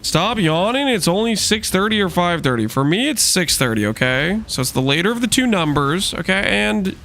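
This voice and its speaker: Male game streamer, laid-back rambling chat, fillers everywhere, lightly raised pitch. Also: very animated, moderate pace, gravelly, hardly any pauses, fairly bright tone. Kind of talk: casual gaming stream chat.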